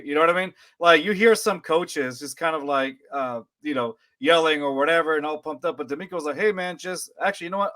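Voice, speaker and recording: A man hosting a casual sports fan podcast, excitable and rambling with lots of fillers. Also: on the high side. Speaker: podcast host.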